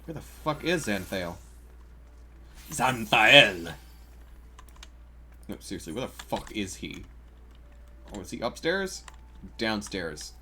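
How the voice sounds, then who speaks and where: A man streams a game with casual, joking live commentary, laughing a lot and swearing frequently. His voice is fairly low, sing-song and fairly bright, at a normal speed, with a little hiss or hum in the recording.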